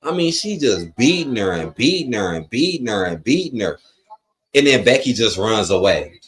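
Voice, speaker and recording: Low-voiced man ranting bluntly on a live stream. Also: very animated, normal speed. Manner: blunt, profane, opinionated rants; loose, rambling with frequent fillers. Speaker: live stream watch-along host. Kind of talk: casual live commentary, reading chat aloud.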